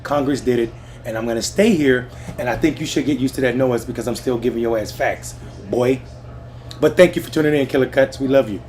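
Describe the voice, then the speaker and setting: Speaking fairly quickly in a slightly mellow, medium-pitched voice, a man hosts a political livestream from a Washington lounge, ranting hotly with profanity and addressing his chat directly. Music and the lounge's TVs play behind him.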